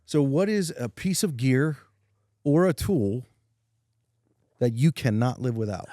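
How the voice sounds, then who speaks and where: A man's voice: mid-range voice, lively intonation, measured pace, mellow, no room sound, clean studio sound. A man hosting a trades podcast, asking questions in an enthusiastic, encouraging way with many fillers. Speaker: podcast host. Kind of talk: casual interview.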